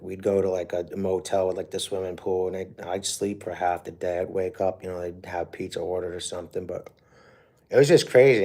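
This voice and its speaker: A man's voice: sits low, gravelly, a little mellow. A middle-aged man hosting a livestream, telling a rambling personal story in a profane, emotional way. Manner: profane, emotional, with frequent fillers. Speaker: livestream host.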